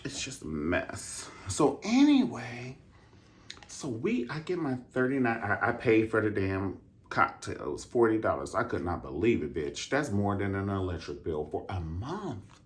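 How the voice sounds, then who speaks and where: A man telling a story in a casual, profane rant, flamboyant and sassy, with drawn-out emphatic asides. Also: on the low side, big pitch swings. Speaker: vlogger reviewing a dance concert.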